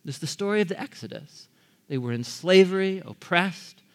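A man's voice: sits high, animated, moderate pace. A man preaching a sermon in a conversational way, often asking his audience questions. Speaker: pastor.

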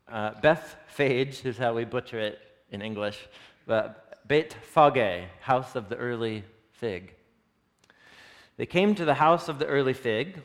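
A man teaching scripture to a live group, reading passages aloud, explaining them, and asking the audience questions. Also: medium pitch. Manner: animated, asks the audience questions. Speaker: Bible teacher. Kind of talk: interactive Bible teaching. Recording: long reverb of a hall.

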